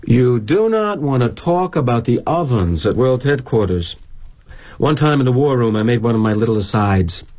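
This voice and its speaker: A man's voice: mid-range voice, expressive, moderate pace, a little mellow, lightly acted. A middle-aged man performing a theatrical monologue as a corporate executive, wry and sardonic in a confiding tone.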